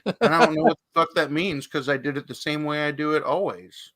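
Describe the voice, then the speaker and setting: A man's voice: fairly high pitch, fairly quick, fairly bright tone. A man hosting a live comic book auction stream, chatty and joking, who swears casually.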